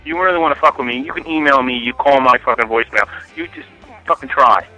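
A man's voice: medium pitch, fast, sharp tone, soft background music, poor audio. A man leaving a profane, ranting voicemail. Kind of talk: angry phone rant.

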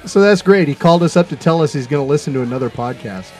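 A man's voice: a little high, lively intonation, fast talker, a little mellow, soft background music. A man co-hosting a podcast, joking crudely and laughing often. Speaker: podcast co-host. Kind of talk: casual crude banter.

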